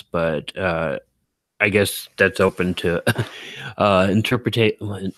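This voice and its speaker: A man's voice: sits low, slow pace, a bit bright, no echo. A man chatting casually on a live stream, reading out viewer comments, rambling with lots of fillers and self-corrections and poking fun at himself.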